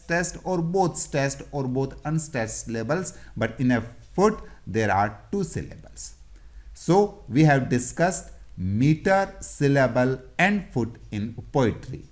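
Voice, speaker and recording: Patient teacher who sounds out each example word; needs a slow, sing-song delivery. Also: medium pitch. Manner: repeats and sounds out example words. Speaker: English teacher. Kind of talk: explanatory lesson.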